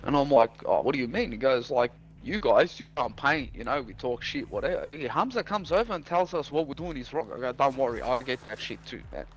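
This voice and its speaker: A man's voice: mid-range voice, lively intonation, a little fast, few pauses, slight background noise. Casual swearing man telling stories. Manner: rambling, swears a lot, acts out quoted dialogue. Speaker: streamer and house painter. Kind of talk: casual storytelling chat.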